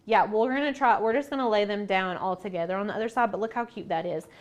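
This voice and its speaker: A woman's voice: mid-range voice, quick pace. Chatty giggly woman crafting live. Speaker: co-host of a crafting livestream. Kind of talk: casual chat while crafting.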